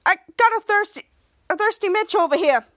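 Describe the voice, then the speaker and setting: A woman's voice: extremely high pitch, lively intonation, brisk, a bit bright, no room sound, voice pushed up. A woman voicing a taunting rude villain. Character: scheming adult male villain, rude bottle thief.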